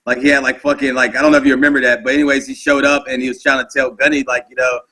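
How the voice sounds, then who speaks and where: A man's voice: medium pitch, level tone, rapid-fire, pushed and bright. A man telling service stories in joking, rambling casual chat, laughing often and leaning on filler words. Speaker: Marine veteran telling stories.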